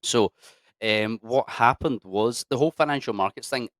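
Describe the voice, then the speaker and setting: A man in his thirties who served in the army tells his story casually, his medium-pitched voice fairly bright and at a normal speed, with no room sound. Blunt and sweary, he calls people mate and lads and often clears his throat.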